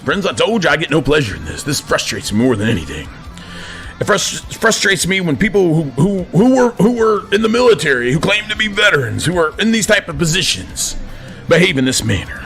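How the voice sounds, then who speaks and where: A man's voice: on the high side, very animated, fairly quick, fairly bright tone, faint music behind. A man, ranting to camera from his office in the persona of a command sergeant major, preachy and stammering when worked up. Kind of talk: impassioned rant to camera.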